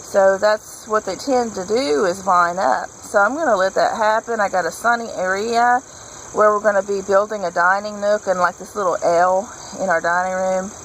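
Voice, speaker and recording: Chatty woman with a gravelly edge. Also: mid-range voice, normal speed, fairly bright tone, slight background noise, rough recording. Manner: chatty, rambling, enthusiastic. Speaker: homesteading vlogger. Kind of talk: casual gardening demonstration.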